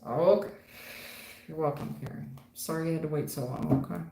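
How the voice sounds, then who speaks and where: Lowish voiced woman doing live tarot, calls everyone hun, kinda blunt, echoey room. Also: moderate pace, warm tone. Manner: calls viewers hun and baby, blunt, laughs often, swears. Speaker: tarot reader on a livestream. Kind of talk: casual livestream chat reading viewer questions. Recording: roomy echo with faint noise.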